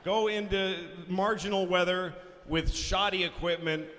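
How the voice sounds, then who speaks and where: A man doing stand-up comedy, telling a story in a profane, exasperated way that swings into shouting, recorded live in a big reverberant hall. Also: high voice, steady tone, unhurried, slight background noise.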